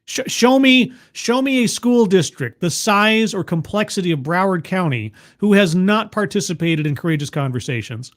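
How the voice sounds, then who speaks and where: Man, high-pitched voice, livestream host, casual reaction commentary, sarcastic, stammering restarts. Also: animated, normal speed, hardly any pauses.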